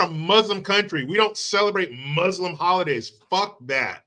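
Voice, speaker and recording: Forceful, swearing male commentary host. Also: sits high, moderate pace, hardly any pauses. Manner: heated, sarcastic, swearing. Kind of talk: profane political rant.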